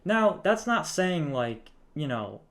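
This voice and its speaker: A young man co-hosting a podcast, talking casually with halting restarts and many fillers. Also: fairly high pitch, very animated, fairly bright tone. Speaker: podcast co-host. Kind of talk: casual chat.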